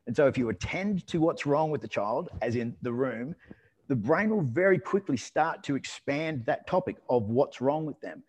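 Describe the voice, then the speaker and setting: A man telling a story in a relaxed conversational way, rambling with restarts and fillers. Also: mid-range voice, normal speed, breathy edge. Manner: lively and amused when telling anecdotes.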